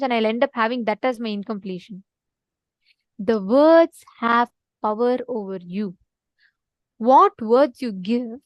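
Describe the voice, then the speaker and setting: Woman, high voice, dry close sound, earnest spiritual teacher who repeats her points. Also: dry recording. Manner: earnest, repeats for emphasis, asks listeners to respond. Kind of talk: online teaching session with a story.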